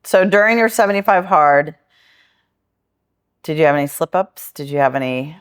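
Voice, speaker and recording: A woman's voice: sits low, expressive, normal speed, clear, resonant tone. A woman hosting a casual podcast interview, chatty and asking rambling follow-up questions. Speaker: podcast host, gym trainer.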